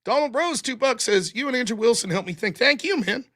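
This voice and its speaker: High, lively sarcastic male streamer. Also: a little fast. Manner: sarcastic and animated, mocking repetition. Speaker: livestream host. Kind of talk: live-stream commentary reading viewer messages.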